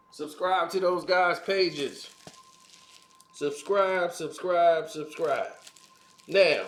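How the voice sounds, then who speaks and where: A man's voice: high-pitched, a little hiss or hum. Laughing mocking man in echoey room. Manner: laughs often, mocking asides. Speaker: commentary channel host. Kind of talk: casual opinion commentary.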